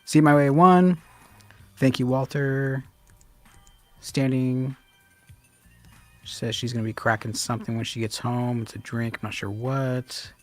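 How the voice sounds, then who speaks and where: A man's voice: mid-range voice, steady tone, unhurried, long pauses, faint music behind. Chatty man hosting a live stream. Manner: loose and chatty, drops in mild swearing. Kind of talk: casual live stream chat, reading viewer comments aloud.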